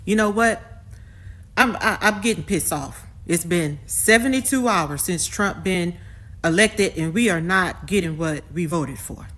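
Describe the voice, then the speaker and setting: A woman venting in a casual, exasperated and sarcastic way, with relaxed dialect. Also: on the low side, a little slow. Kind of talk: casual vlog rant.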